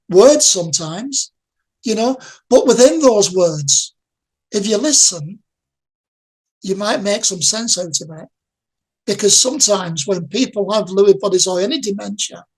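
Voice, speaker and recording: A woman living with dementia gives an interview at an ordinary middle pitch. She speaks earnestly and addresses the listener directly, as if in conversation. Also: darkish tone. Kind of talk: interview testimony.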